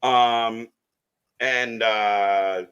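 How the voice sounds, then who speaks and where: A man's voice: fairly low pitch, fairly even intonation, drawn-out words, fairly bright tone, clear, resonant tone, highs cut off. A man co-hosting a live wrestling watch-along stream, giving opinionated, rambling takes with frequent restarts.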